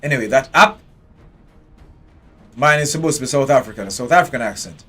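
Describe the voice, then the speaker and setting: A man's voice: mid-range voice, expressive, a little fast, a bit bright, faint music behind. A man giving live commentary while playing a strategy game, chatting and talking to his game characters. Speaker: game streamer.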